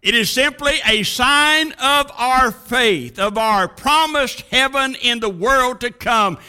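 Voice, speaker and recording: A man preaching a sermon with a dramatic cadence, rising to booming lines and dropping to a hush. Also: slow, smooth.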